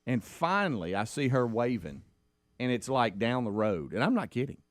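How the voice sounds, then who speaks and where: A middle-aged man, co-hosting a radio talk show and telling a long personal story in casual chat, animated and playing out the other people in it. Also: moderate pace, no echo, clean studio sound. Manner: animated storyteller who acts out quotes in a higher voice.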